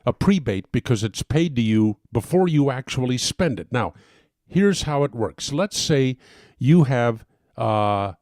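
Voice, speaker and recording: A man's voice: mid-range voice, animated, unhurried, a little mellow, no echo, studio quality. A man hosting a talk show, delivering an impassioned monologue that keeps building into emphatic bursts. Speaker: talk radio host. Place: home studio.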